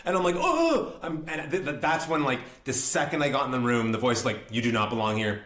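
A man's voice: medium pitch, fast talker. Young guy telling a funny story, acts out voices, laughs a lot, roomy echo. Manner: animated, acts out quotes, laughs often. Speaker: actor and guest. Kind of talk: storytelling in an interview.

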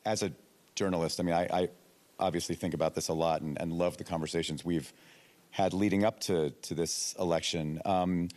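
Low-voiced male journalist in a hall. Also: steady tone, darkish tone. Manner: halting, with many restarts. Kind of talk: panel discussion. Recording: long hall reverb.

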